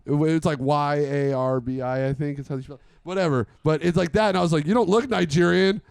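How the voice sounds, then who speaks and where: A man's voice: a little high, fast, clear, resonant tone, no room sound. A man co-hosting a podcast in a studio, trading jokes in casual chat and laughing often. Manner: laughs often, lively banter.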